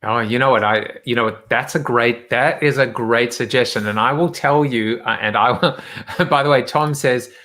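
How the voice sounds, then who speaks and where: Male host, bright tone, loose rambling delivery full of fillers and restarts. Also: medium pitch, normal speed, hardly any pauses. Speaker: show host. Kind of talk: casual live-stream chat.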